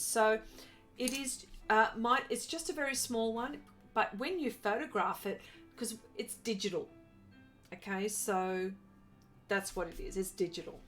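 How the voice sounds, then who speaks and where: An Australian woman hosting an art live stream, chatting casually and greeting viewers by name as she works. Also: medium pitch. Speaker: art livestream host. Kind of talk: casual live stream chat while drawing.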